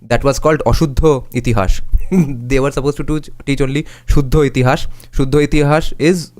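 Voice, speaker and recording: A man's voice: mid-range voice, fairly even intonation, a little mellow. A man with an Indian accent, reading from a book and adding casual spoken commentary. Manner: reads passages then adds quick remarks, switching into Hindi.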